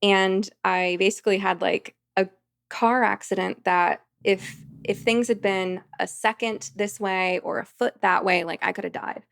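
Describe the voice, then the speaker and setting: A woman's voice: medium pitch, steady tone, measured pace, vocal fry, fairly bright tone, clear, resonant tone. A woman, a podcast guest, telling a vivid story in casual conversation. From United States.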